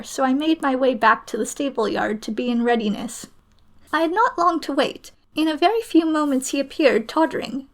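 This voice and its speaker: A woman reading a story aloud in a measured, expressive way, as a storyteller. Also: sits high.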